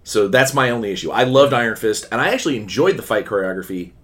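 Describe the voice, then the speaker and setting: A man with a fairly low voice talks casually on a podcast. He is opinionated and animated and often restarts his sentences. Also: fast. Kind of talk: casual chat.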